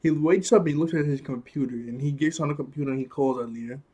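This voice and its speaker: A man's voice: fairly high pitch, quick pace, dark tone. A man casually reviewing a cartoon episode, rambling and chuckling through a loose retelling full of fillers.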